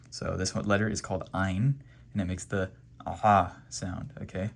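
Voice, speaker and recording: A man's voice: deep voice, level tone, moderate pace, gravelly. A man teaching Quran reading step by step, patiently repeating letter sounds and checking in with "okay?". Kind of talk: step-by-step pronunciation lesson.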